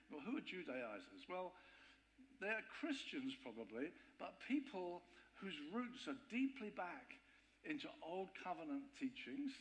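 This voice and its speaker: A man preaching to a congregation in a lively, conversational way. His voice sits a little high for a man, and he slips into the voices of the people he describes, stumbling over and repeating words as he builds his point. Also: low-quality recording. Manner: animated, acts out quoted voices, repeats words. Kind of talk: sermon.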